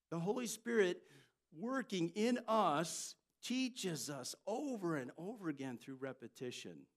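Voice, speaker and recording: An older man, a pastor, preaching a sermon and telling family stories with lively jumps in loudness. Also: a little high. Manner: storytelling, animated delivery with jumps in loudness.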